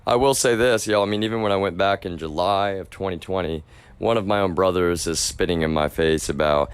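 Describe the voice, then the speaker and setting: Speaking briskly in a low, clear, resonant voice, a young man streaming live rants profanely at his chat. He's agitated, restarts often, and addresses the audience as "y'all."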